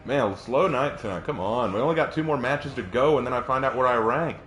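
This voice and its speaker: A man's voice: medium pitch, brisk, fairly bright tone. A man chatting casually while streaming a game, laid-back, often chuckling and repeating himself. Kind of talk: casual gaming stream chat. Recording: roomy sound with music behind.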